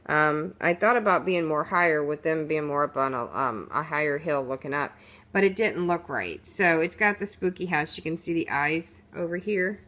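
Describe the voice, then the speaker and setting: Chatty low-voiced woman showing crafts. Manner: chatty, rambling, many fillers and restarts. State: sleepy, yawning. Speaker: crafter showing her project. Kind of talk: casual show-and-tell walkthrough. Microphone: phone camera.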